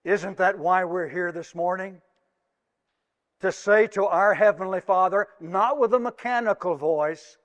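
A man preaching a sermon in a church, speaking slowly and emphatically and drawing out key words. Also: high voice. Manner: slow, emphatic delivery with drawn-out words. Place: church sanctuary. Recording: long hall reverb.

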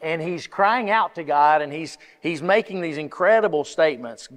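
A pastor preaching an impassioned sermon, building to emphatic peaks and often restarting phrases. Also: male voice, a little high, animated, moderate pace, hardly any pauses, fairly bright tone. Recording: long reverb of a large hall.

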